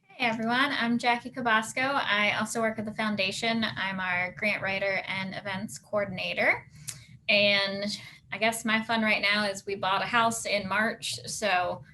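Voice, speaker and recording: A woman who works as a grant writer, introducing herself on a video call in a cheerful, even tone. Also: medium pitch, moderate pace, slight background noise, rough recording. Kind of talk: casual self-introduction.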